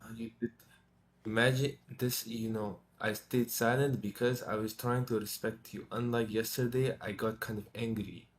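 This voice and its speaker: A man's voice: fairly low pitch, steady tone, normal speed. Guy calling into a debate stream, hesitant and stumbly, defensive. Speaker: debate caller. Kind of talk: live-streamed religious debate.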